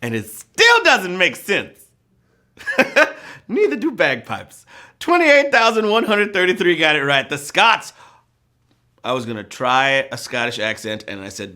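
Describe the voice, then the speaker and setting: A man's voice: fairly high pitch, very animated, a little slow, bright, forceful tone. A man hosting a live trivia show, reading questions with playful rhyming quips and jokes. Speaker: trivia game show host.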